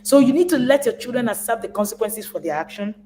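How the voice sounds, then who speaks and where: A woman's voice: a little high, quick pace, a little hiss or hum, low-quality recording. Emphatic woman parenting coach. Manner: emphatic and animated, acts out parents; repeats words when stressing a point. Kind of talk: live parenting talk.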